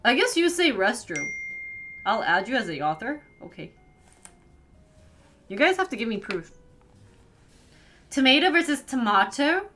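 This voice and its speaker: This young woman streams from the northern United States in a fairly high, sing-song voice with a slightly bright tone, speaking at normal speed with long pauses. She giggles, chats casually with her viewers, fills her talk with "like," and soft music plays underneath.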